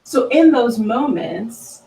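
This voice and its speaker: Gravelly motivational woman, set back in a roomy space. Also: a little high, very animated, takes it slowly, warm tone, far from the mic. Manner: emphatic, keeps asking "right?". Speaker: host. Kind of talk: motivational live talk.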